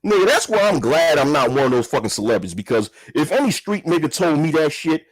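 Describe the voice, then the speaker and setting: A man delivers a heated, profane rant, circling back to the same points and throwing rhetorical questions. His voice sits a little high and husky and leaps around wildly in pitch. The sound is dry and close, with no room echo. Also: big pitch swings, fast talker. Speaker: commentary vlogger. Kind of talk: ranting commentary.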